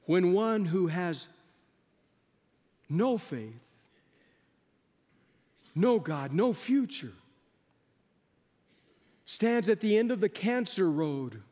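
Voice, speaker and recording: A man's voice: high-pitched, sing-song, very slow, long pauses. Dramatic preacher man in a reverberant hall. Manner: dramatic swings from loud to hushed. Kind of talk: sermon.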